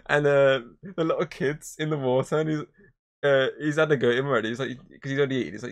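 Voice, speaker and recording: A man in casual podcast conversation about films, talking at an easy middle pitch. He rambles and retells scenes with lots of swearing. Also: fairly even intonation, fast, creaky. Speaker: podcast host. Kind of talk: casual movie review chat.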